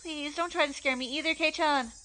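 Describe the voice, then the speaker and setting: A woman voicing a teasing, anxious teenage girl, reading a visual novel aloud in an excitable manner. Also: sits high, a little fast, voice pushed up, low-quality recording. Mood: uneasy. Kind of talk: visual novel read-along.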